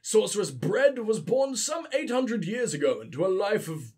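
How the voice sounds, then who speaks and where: A sick man reading game lore aloud in an old male scholar voice, slow and solemn. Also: sits high, sing-song, darkish tone, slightly rough, full character voice.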